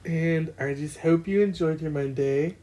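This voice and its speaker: A woman's voice: deep voice, measured pace, dark tone. A young woman in her twenties co-hosting a casual podcast, blunt and full of fillers, recorded on a built-in laptop mic. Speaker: podcast co-host. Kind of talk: casual chat.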